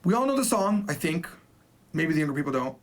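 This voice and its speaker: Give me a man in his forties teaching a relaxed language lesson, his voice a touch high and very animated. He talks in a chatty, emphatic way and slowly repeats each phrase so learners can copy it. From Japan. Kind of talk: casual spoken lesson.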